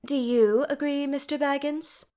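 A woman voicing a wry dwarf queen regent who speaks in a sweetly teasing, lively way. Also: high-pitched, measured pace, voice pushed up. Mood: gently pointed.

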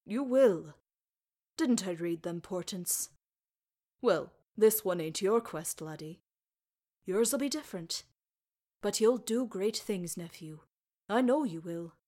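A woman's voice: medium pitch, animated, takes it slowly, mellow. A woman voicing a kindly, stubborn old deaf male dwarf healer with homely, folksy speech. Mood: gentle, reassuring.

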